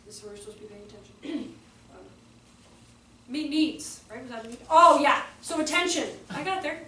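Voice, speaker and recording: Woman workshop presenter, high voice, chatty storyteller who acts out quotes, heard from a distance with faint room ambience. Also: expressive, a little fast, bright, forceful tone, reverberant, a little hiss or hum. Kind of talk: live workshop talk. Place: room with live audience.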